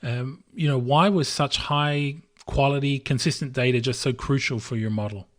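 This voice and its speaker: A man hosting a podcast, asking his guests measured interview questions. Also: mid-range voice.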